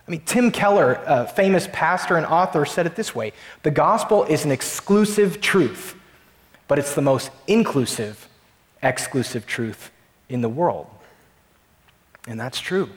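A pastor preaching a sermon to his congregation, emphatic and slowing down to stress key lines. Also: on the high side, expressive, reverberant, long reverb tail.

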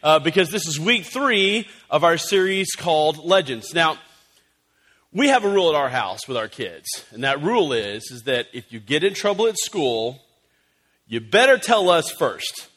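A pastor preaching to his congregation in a loose, chatty way, full of asides and fillers. His voice sits a little high for a man. He is lively and animated as he tells stories from the pulpit. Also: moderate pace. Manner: animated, conversational, many fillers. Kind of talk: storytelling sermon. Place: church service.

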